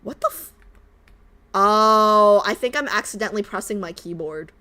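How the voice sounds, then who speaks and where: A woman's voice: medium pitch, normal speed, sharp tone, soft background music. A young woman streamer reacting to a game, ranting animatedly and exasperated, on a desk mic at home.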